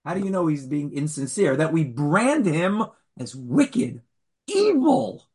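A man's voice: on the high side, sing-song, measured pace, a little mellow, breathy edge. A man teaching an online Torah class as rabbi, questioning his students in a challenging, Socratic way.

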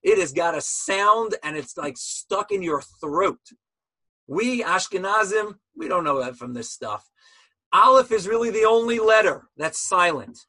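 A man's voice: sits high, expressive, unhurried, bright, forceful tone, breathy edge, no echo, low-quality recording. A man teaching an online class about Hebrew letters in a passionate style, full of rhetorical questions, heard over a video call.

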